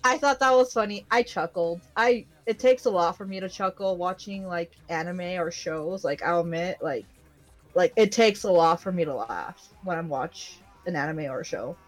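A woman's voice: fairly low pitch, moderate pace, soft background music. Giggly young woman rambling casually. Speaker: podcast co-host recapping an anime. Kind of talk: casual chat.

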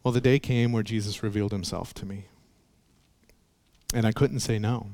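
A man's voice: fairly low pitch, fairly even intonation, moderate pace, darkish tone. Man preaching a sermon. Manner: storytelling with acted voices, earnest. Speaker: pastor.

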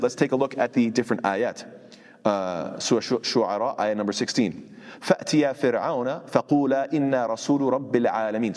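A man's voice: mid-range voice, darkish tone, long reverb tail. A man giving a Quran commentary lesson, reciting Arabic verses and then explaining them in English, often repeating himself and restarting phrases. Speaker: Quran teacher. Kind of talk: tafsir lecture.

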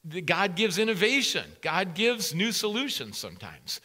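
A man's voice: high-pitched, very animated, normal speed, pushed and bright. A man preaching a sermon as a pastor, emphatic and repeating key phrases for weight.

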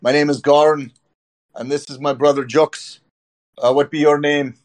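A man's voice: a little high, level tone, moderate pace, natural voice. A man voicing a hearty male dwarf who speaks in an old-fashioned way, welcoming travelers. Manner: old-fashioned speech, says aye.

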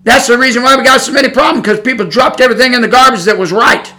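A man's voice: very high voice, fast talker, sharp tone. A middle-aged man preaching as a Pentecostal pastor, blunt and folksy, hammering home his points in a sermon.

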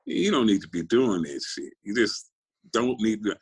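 Older man from California, low-pitched, swearing, rambling, casual interview guest. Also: animated, moderate pace, slightly rough, rough recording. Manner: profane, rambling storyteller.

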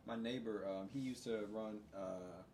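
Male co-host, emphatic and opinionated, quick to react, faint background noise. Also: on the low side, darkish tone. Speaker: podcast co-host. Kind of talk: casual chat.

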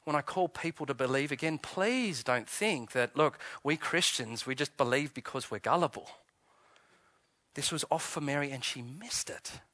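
A man gives an Easter sermon in a fairly high, bright and forceful voice. He talks to the congregation conversationally, posing questions and restarting his phrases. The sound is dry and close. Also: no echo. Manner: conversational, questioning, self-interrupting preacher. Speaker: pastor.

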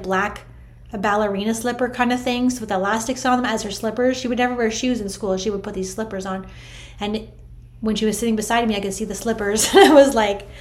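A middle-aged woman telling viewers a personal spiritual story in a chatty, animated way, full of "like" and "I'm like". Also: fairly high pitch. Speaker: vlogger sharing a spiritual story.

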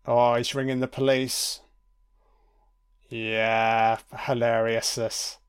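Unhurried sweary film commentator, smooth voice. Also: male voice, medium pitch, little pitch movement. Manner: sweary, wry and chatty. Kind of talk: casual audio commentary over a film.

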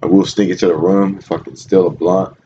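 A man chats casually and swears freely as he tells stories. His voice sits on the low side. The sound is dull and lo-fi with a faint hiss behind it. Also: flat delivery, brisk, mellow. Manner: loose, profane storytelling with lots of laughing. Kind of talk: casual chat.

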